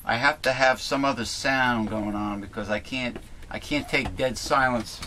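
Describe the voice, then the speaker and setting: A man's voice: mid-range voice, normal speed, bright, forceful tone. Male host, casual chat, rambling with lots of fillers, faint noise behind. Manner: rambling, chatty, many fillers and restarts. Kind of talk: casual talk show chat.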